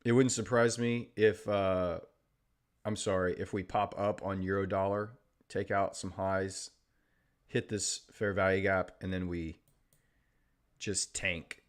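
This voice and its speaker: On a trading livestream, a deep-voiced man talks slowly, his pitch barely moving. He keeps things casual with viewers, reading out their chat messages with a joking, sarcastic edge.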